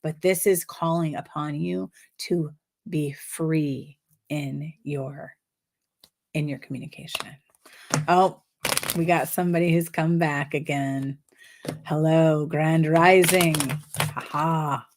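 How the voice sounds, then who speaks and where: A woman's voice: sits low, fairly even intonation, slow pace, long pauses, background noise. A woman giving live numerology card readings, effusive and giggly, often repeating affirmations. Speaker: numerology reader.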